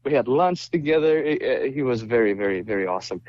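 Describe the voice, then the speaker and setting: A male musician from Romania chatting as a podcast guest, telling lively stories and acting out what people said. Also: medium pitch, fast talker, dull audio. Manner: animated storyteller, acts out quoted dialogue. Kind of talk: casual interview chat.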